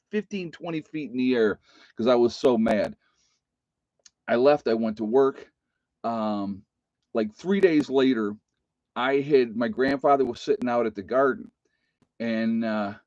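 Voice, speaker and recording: Middle-aged man, rambling storyteller, mid pitch, dry dull sound. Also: darkish tone, no echo. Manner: rambling, restarts sentences often. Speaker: vlogger. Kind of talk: casual storytelling to camera.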